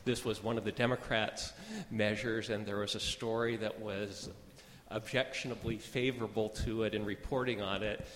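A man making a measured complaint during public comment at a meeting, pausing often with fillers. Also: lowish voice. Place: meeting hall. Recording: hall reverb with faint noise.

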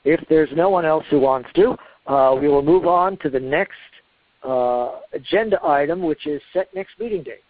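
A man's voice: a little high, no room sound. Man chairing meeting over phone line. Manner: relaxed, many fillers, drawn-out pauses. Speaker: committee chair. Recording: dry phone-line audio.

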